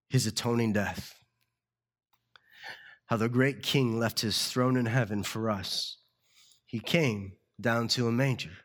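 A man preaching a sermon as pastor, earnest and slowing down to stress key words. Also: mid-range voice. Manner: earnest, slows down for emphasis.

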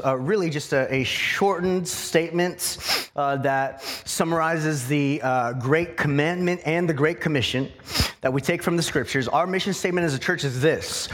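Pastor guy preaching, kinda high voice, earnest, lots of uhs and restarts. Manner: earnest, teaching tone with frequent fillers and restarts. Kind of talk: sermon.

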